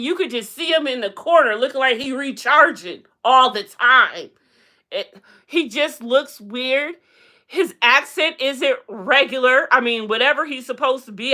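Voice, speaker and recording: A woman hosting a casual live stream, chatting bluntly and sassily about celebrity and reality TV gossip and calling out to viewers. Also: sharp tone. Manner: sassy and blunt, with big pitch swings. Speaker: livestream host.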